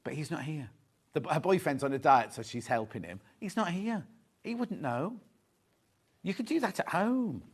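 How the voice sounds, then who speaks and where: A middle-aged man hosting a live fabric sales show, chatting excitedly and teasing the crew. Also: fairly high pitch, normal speed, husky. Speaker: shopping show host.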